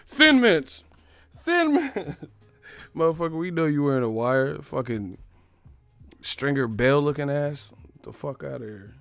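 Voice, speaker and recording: Profane, laughing live-stream host. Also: male voice, medium pitch, moderate pace, gravelly, smooth, no echo. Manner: profane, laughing, riffing on chat. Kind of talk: casual live-stream commentary.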